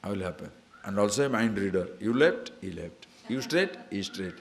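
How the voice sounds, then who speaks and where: A man's voice: fairly low pitch, normal speed. A man giving a spiritual discourse, telling stories and laughing at them, asking listeners to see and understand. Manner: animated, laughs at his own stories. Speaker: spiritual teacher.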